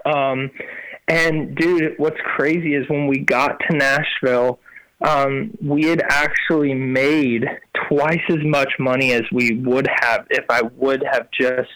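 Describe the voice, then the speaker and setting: A man's voice: mid-range voice, slow pace, smooth, no room sound, rough recording. A young man, a worship musician, telling his story as a guest in a casual chat, full of fillers and acted-out quotes. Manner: animated, lots of fillers, acts out quotes.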